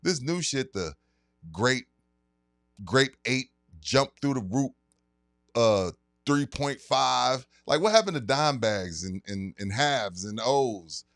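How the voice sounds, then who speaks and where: A man hosting a sports talk show, his voice sitting in the middle register. He talks in a loose, profane, animated storytelling way. The studio sound is dry and close. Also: medium pitch, slow, no echo. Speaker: podcast host. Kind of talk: casual chat.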